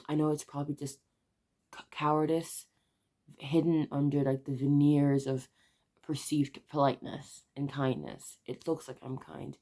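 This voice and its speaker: A young woman in her twenties confides to camera in a low, gravelly voice with a mellow, darkish tone. She is close to tears, and her confession comes out halting and soft. The delivery is a raw vlog confessional. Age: 20s. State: on the verge of tears. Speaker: vlogger.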